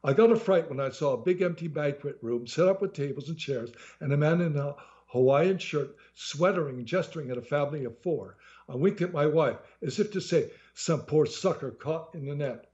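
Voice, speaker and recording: A man's voice: on the high side, brisk, a little mellow, dull audio. A man reading his own humorous memoir aloud in a sardonic storytelling manner.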